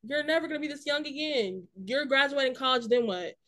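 A young woman, co-hosting a podcast in emphatic, animated casual chat. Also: high voice, fairly quick. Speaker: podcast co-host.

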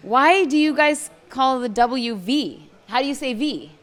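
A woman's voice: sits high, expressive, measured pace, music in the background. A woman from the United States hosting a casual video at a conference, playful and giggly as she asks questions. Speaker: video host. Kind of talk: casual chat. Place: busy conference venue.

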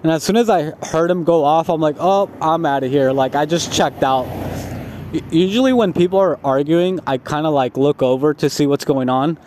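A man's voice: on the high side, moderate pace, a little mellow, a little hiss or hum. Rambling stoned man telling a story. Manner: repetitive, profane, full of "like" fillers.

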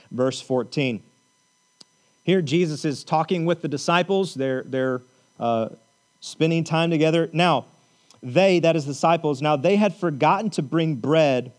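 A male pastor preaching a conversational sermon in a church, often checking in with the congregation and making joking asides. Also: fairly high pitch.

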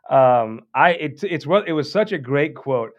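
A man's voice: fairly high pitch, lively intonation, measured pace, muffled recording. A man hosting a political show, giving a casual, rambling and folksy announcement with many restarts.

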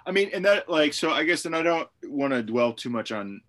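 A man's voice: a little high, animated, a little fast, a bit bright. A man who is a pastor, co-hosting a casual podcast and thinking aloud in a reflective way, with many fillers.

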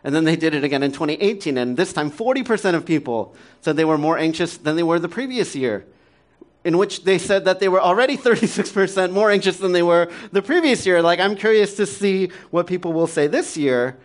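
A man's voice: high voice, expressive, a little fast. A man in his thirties, a pastor preaching a sermon in a conversational, self-deprecating way, often laughing and using fillers.

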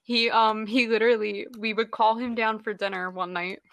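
A young woman casually telling a story to friends, animated and swearing freely. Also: on the high side, moderate pace, gravelly, dry recording. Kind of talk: casual chat among friends.

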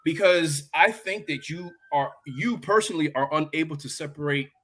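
A male guest joins the debate over a video call, his voice husky and set a little high. He presses his point insistently but stumbles and restarts as he talks. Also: a bit bright. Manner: direct and insistent, with halting restarts. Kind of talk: casual sports debate.

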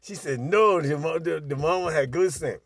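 Older man, casual storyteller, profane and animated, slightly high voice. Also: normal speed, breathy edge, dry recording, clean studio sound.

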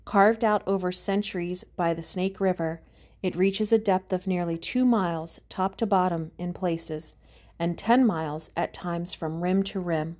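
A woman calmly narrating an audiobook in a measured storytelling manner. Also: on the low side. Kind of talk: scripted narration.

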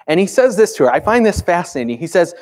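Pastor, man, slightly high voice, chatty emphatic sermon delivery. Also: sing-song, quick pace, darkish tone. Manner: conversational, emphatic, asks rhetorical questions.

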